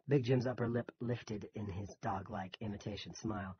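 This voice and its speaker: A man reading an audiobook in scripted narration, measured and even. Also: on the low side, highs cut off, slight background noise.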